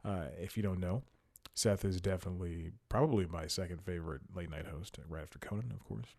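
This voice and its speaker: Male solo podcast host, slightly low voice, loose rambling delivery with chuckles, a bit winded. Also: a little fast, creaky, few pauses, darkish tone. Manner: rambling, self-mocking, chuckles often. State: slightly out of breath. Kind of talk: casual solo podcast chat. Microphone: headphones and studio mic.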